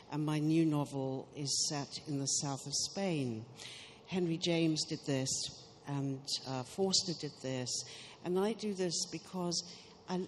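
Woman novelist, panel guest, unhurried and reflective, from South Africa. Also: low-pitched, slight background noise. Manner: reflective, thinks aloud with fillers. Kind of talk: panel discussion.

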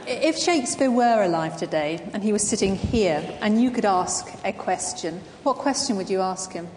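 A woman's voice: mid-range voice, lively intonation, moderate pace, a little hiss or hum. A woman interviewing a guest on stage and inviting the audience to ask questions. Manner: warm prompting questions, addressing the audience. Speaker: interviewer and event host. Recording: echoey hall with long reverb, faint ambience.

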